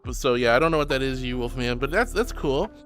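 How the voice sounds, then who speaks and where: A man streaming as a VTuber, chatting casually with viewers and reading their messages. He talks in a soft, affectionate way, calls listeners honey and sweetie, and turns earnest and comforting when he consoles them. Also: mid-range voice, lively intonation, fast. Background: faint background music.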